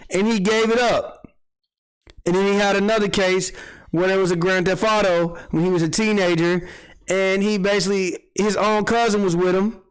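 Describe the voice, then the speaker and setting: Man, fairly high voice, livestream host, animated, profane street-gossip storytelling. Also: normal speed, clean tone, rough recording. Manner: animated storytelling, acts out quotes, swears freely. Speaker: podcast host. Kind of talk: casual commentary livestream.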